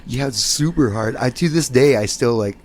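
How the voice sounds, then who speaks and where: A man's voice: medium pitch, normal speed, darkish tone. A man co-hosting a podcast, making dry asides in casual chat. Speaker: podcast co-host. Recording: faint air conditioning hum behind.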